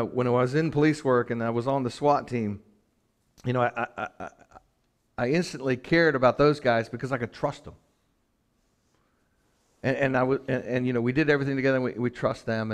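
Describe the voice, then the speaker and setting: A man preaching a church sermon with rising passion, asking the congregation direct questions and then dropping to a soft, slow voice. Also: mid-range voice. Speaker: pastor.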